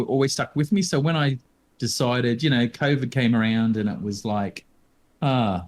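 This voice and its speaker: Hesitant man in his fifties. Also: lowish voice. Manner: hesitant, lots of ums. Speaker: podcast co-host. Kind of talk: casual chat.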